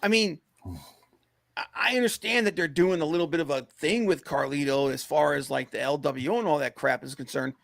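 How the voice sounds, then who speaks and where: A man co-hosting a casual wrestling podcast, rambling with lots of fillers and breaking into excited rants. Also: fairly high pitch, fairly quick, creaky, no echo. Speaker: podcast co-host.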